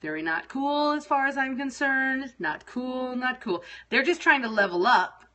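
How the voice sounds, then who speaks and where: A woman's voice: sits high, lively intonation, unhurried, pushed and bright. A middle-aged woman chatting casually to her viewers on a livestream, scattered, exasperated and swearing freely. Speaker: livestream host.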